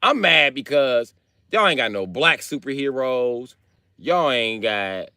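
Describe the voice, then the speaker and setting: Animated, profane male streamer. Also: medium pitch, moderate pace, dry recording, studio quality. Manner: profane, animated, slangy storytelling. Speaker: live streamer. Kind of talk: comedic casual rant.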